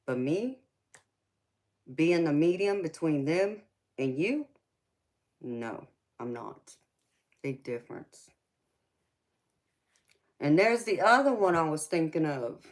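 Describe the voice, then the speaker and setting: Southern woman, low voice, sassy drawl, livestream tarot host chatting with viewers. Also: sing-song, slow, pauses often. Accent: Southern American. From American South. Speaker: tarot reader hosting a livestream. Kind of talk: casual livestream chat with viewers.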